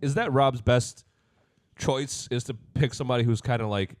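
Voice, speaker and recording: A man's voice: medium pitch, moderate pace, no echo. A young man co-hosting a casual podcast, joking and swearing in loose chat. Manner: animated, jokey, swears casually. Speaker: podcast co-host.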